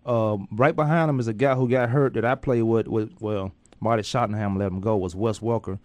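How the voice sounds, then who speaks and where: A man's voice: fairly low pitch, steady tone, fairly quick, darkish tone, dry recording. A man hosting a casual sports talk radio show, playful and loose with slangy banter.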